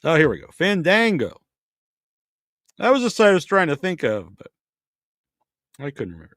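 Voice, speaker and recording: A man's voice: sits high, fairly bright tone, smooth, no echo, studio quality. A man hosting a podcast in casual chat, chatty and thinking aloud as he searches online. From Massachusetts. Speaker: podcast host.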